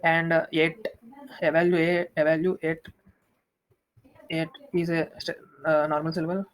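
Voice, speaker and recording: A young man walking through a software demo, talking quickly with many restarts. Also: a little high, clear, resonant tone, rough recording. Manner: fast, flat, with frequent restarts and fillers. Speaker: student presenting a project demo.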